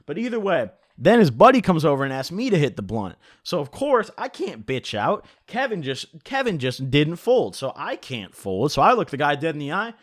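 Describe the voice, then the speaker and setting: Animated young man telling a wild story. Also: fairly high pitch, moderate pace, hardly any pauses, no room sound, studio quality. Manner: animated, profane, joking. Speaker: vlogger. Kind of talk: storytime vlog.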